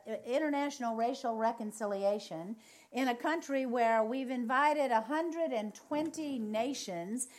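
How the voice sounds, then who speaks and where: A woman preaching a charismatic sermon, telling lively stories and repeating phrases for emphasis. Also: high-pitched. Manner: animated storytelling, acts out other people's reactions.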